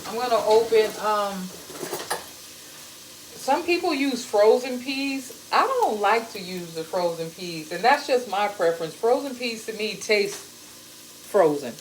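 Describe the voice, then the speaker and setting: A middle-aged woman talks her way through a home cooking session, folksy and blunt, wandering off into family stories. Her voice rings around a bare kitchen and sits well back from the mic. Frying food sizzles loudly under her words. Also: medium pitch, sing-song, unhurried, a little hiss or hum. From American South. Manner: chatty, earthy and profane, with folksy grammar and storytelling tangents. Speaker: home cook vlogger. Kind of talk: casual cooking vlog chat. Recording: echoey kitchen, mic at a distance, sizzling pan.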